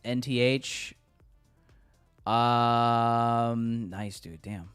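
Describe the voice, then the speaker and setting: A man's voice: mid-range voice, steady tone, extremely slow, a bit bright, clear, resonant tone, soft background music. A man livestreaming his day trading, chatting loosely with viewers in casual, joking, sometimes profane banter. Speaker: day trader streaming live. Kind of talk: casual live-stream commentary.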